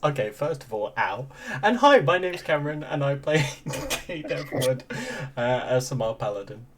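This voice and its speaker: A man's voice: mid-range voice, animated, moderate pace, a bit bright, slight background noise. A man, a player in a tabletop game, introducing himself casually with a laugh.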